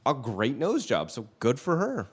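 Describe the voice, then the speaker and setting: A man co-hosting a casual celebrity news podcast, chatty and loose, swearing casually and jumping up in pitch when excited. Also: a little slow, breathy edge. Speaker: co-host.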